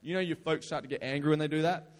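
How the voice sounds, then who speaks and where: Young male youth pastor, high voice, casual storyteller, crowd prompts, hall echo. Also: fairly even intonation, racing. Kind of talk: lively youth sermon. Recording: long hall reverb.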